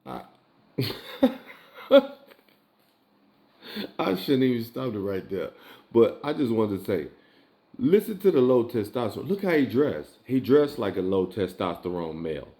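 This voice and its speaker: A man's voice: mid-range voice, big pitch swings, moderate pace, warm tone. A tipsy man giving casual reaction commentary, emphatic and profane, firing off rhetorical questions.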